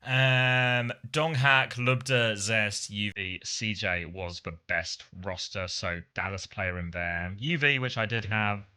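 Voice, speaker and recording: A man's voice: on the low side, fairly even intonation, takes it slowly, hardly any pauses, bright, forceful tone, clear, resonant tone. A middle-aged man, chatting playfully with his live-stream viewers and laughing often. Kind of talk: casual live-stream chat.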